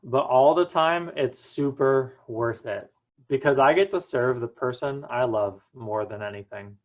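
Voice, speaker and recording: A young man tells a personal story in an earnest, unhurried voice, leaning into dramatic pauses. His pitch sits in an ordinary middle range. The sound is a little dull and lo-fi. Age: young adult. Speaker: student speaker. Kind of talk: prepared personal talk.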